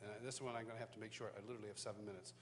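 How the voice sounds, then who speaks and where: A man's voice: fairly low pitch, fairly even intonation, racing, slight background noise. Man telling a humorous personal testimony. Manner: storytelling, acts out quoted voices, self-deprecating humor. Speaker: worship teacher. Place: live church worship school session.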